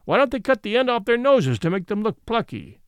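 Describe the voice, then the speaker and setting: A man reading the part of a fiery yet gentle old male horse in a storybook, speaking indignantly and moralizing. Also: high-pitched, very animated, a little fast, smooth, no echo, voice pushed up.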